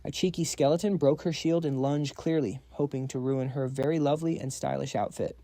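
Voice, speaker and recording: A man's voice: mid-range voice, fairly even intonation, fairly quick, mellow, no room sound, studio quality. A man narrating a fantasy comic recap in a dramatic, scripted storytelling style.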